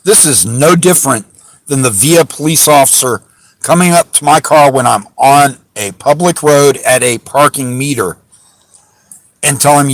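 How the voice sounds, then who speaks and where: A frustrated man vents at length about a police encounter, rambling and indignant, circling back with restarts and fillers. His voice sits at an ordinary middle pitch and is recorded dry and close, with no room echo. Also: expressive, moderate pace. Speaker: channel host recounting a police encounter. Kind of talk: casual rant to camera. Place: parked car.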